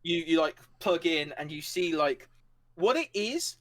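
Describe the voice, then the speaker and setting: A man's voice: on the high side, animated, a little slow. A man narrating a tabletop game as game master, rambling with many fillers and laughing along. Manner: rambling, filler-heavy, laughing, acts out characters.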